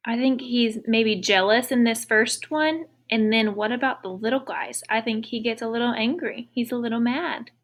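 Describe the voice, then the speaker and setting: Woman teacher, higher voice; patient picture-book read-aloud for young kids, full of questions. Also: moderate pace, hardly any pauses. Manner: patient, asks many questions.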